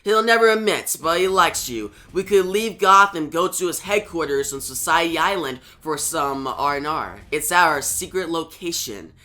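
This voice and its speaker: A man reading the lines of a sardonic young woman mercenary in a comic recap, in a flat voice close to his own. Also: a little high, moderate pace, few pauses. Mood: teasing.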